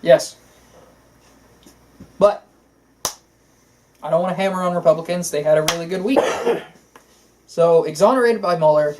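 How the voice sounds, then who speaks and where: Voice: medium pitch, a little slow, pauses often, noisy background. Opinionated talk-show co-host, casual. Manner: opinionated, talks in long runs with fillers. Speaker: podcast co-host. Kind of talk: casual political chat.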